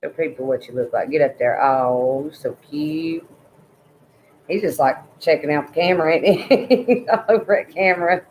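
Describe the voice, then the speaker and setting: A woman's voice: low-pitched, moderate pace, a little mellow, reverberant, slight background noise, low-quality recording. A woman hosting a casual live stream, loose and swearing freely while she chats with viewers and fusses over her pets. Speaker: livestream host.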